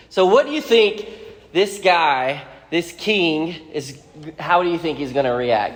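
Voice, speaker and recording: A man teaching a Bible lesson, retelling the story casually and acting out the characters' lines with lively energy. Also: fairly high pitch, big-room sound.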